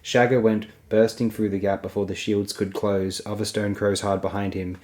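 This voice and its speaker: A man narrates a fantasy audiobook in a low, warm voice. His delivery stays level and even, with little rise and fall. He keeps a steady storytelling pace through the battle scenes. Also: normal speed. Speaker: audiobook reader.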